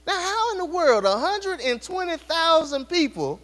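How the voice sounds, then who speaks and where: A man preaches an animated sermon, his voice pitched very high and swinging widely up and down. He keeps speaking straight to the congregation with rhetorical questions. His voice rings out with a long reverb across a church hall. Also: moderate pace. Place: church sanctuary.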